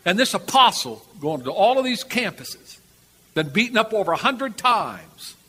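An older man preaching a sermon, telling a story in an animated, repetitive way with chuckles, in a church before a live audience. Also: sits high, normal speed, slightly rough. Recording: reverberant hall, faint background noise.

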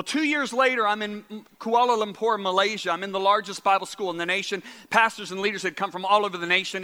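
Man, preacher, high voice, animated sermon storytelling, long reverb of a hall. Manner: animated, repeats words, drops to hushed tones for quotes.

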